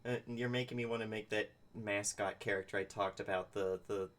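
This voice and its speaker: A man's voice: lowish voice, steady tone, fairly quick, fairly bright tone. A young adult man chatting casually as a player at a tabletop game, rambling and joking, with some profanity.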